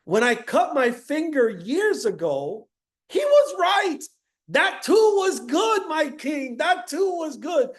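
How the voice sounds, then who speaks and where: A man voicing a hot-tempered king in a told fable, shouting his outbursts. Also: very high-pitched, sing-song, takes it slowly, voice pushed up, full character voice. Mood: remorseful.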